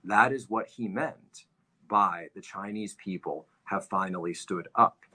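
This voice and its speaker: Male commentary host: low-pitched, forceful delivery, lecturing with emphatic repetition. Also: unhurried. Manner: emphatic, repeats phrases for stress. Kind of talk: livestream commentary, history lecture.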